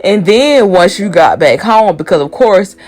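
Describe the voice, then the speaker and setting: A woman's voice: mid-range voice, expressive, unhurried, darkish tone. A woman hosting a casual show recap, blunt, heated and full of profanity.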